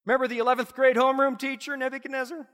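A man's voice: very high voice, little pitch movement, rapid-fire, a bit bright, long reverb tail. A man preaching a sermon, telling the story dramatically and addressing the listeners directly.

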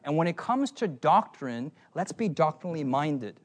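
A man preaching at a youth conference in a playful, animated way, often calling out to the audience. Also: a little high, normal speed, few pauses. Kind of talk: sermon.

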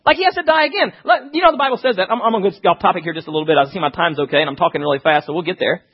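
A man preaching a sermon, reading scripture and talking fast with animated asides. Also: high-pitched, slightly rough, muffled recording.

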